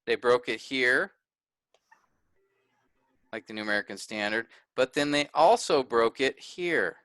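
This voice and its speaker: Male workshop teacher, clear bright tone, dry close sound, methodical explainer. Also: medium pitch, animated, measured pace, dry recording. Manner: pointing things out step by step, self-correcting. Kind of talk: explaining a text on screen.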